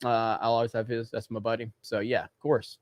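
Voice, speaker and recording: A man's voice: medium pitch, flat delivery, brisk, no room sound, clean studio sound. A man hosting a casual livestream, chatting and answering viewer questions. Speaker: livestream host.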